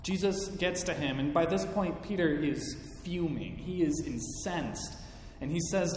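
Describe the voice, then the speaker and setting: A male pastor preaching at an unhurried pace, pausing for dramatic effect, his voice sitting a little high. The sound bounces around a large hall with long reverb and a faint rumble. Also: a little mellow. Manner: slow, deliberate, dramatic pauses. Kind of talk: sermon.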